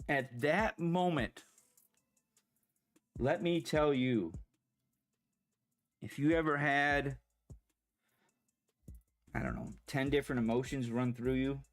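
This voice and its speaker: A man telling a personal story in a halting, rambling way, pausing as the emotions come back. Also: mid-range voice. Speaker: vlogger.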